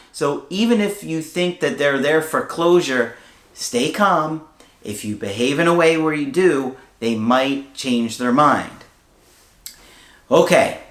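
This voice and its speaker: Male coach, chatty advice talk, medium pitch, roomy reverberant sound. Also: fairly bright tone. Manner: conversational, storytelling with fillers. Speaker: relationship coach. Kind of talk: casual advice talk to camera. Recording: roomy echo.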